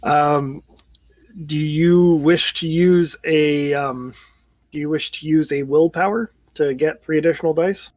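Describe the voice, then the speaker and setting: A man narrating as game master, describing eerie scenes in a slow, measured way. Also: fairly high pitch, fairly even intonation, a little mellow, dry recording.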